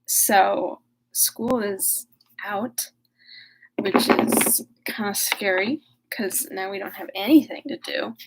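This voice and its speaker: A woman's voice: mid-range voice, takes it slowly, creaky, heavy background noise. A woman recapping a classic novel casually in a chatty, wry way, full of fillers, then reading it aloud. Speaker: reader and discussion leader.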